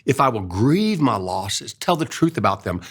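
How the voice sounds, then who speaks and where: An older man, telling an earnest personal story in a casual way, going soft and hushed when he quotes his own gentle words. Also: lowish voice, big pitch swings, normal speed. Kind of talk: casual storytelling in a faith-based talk.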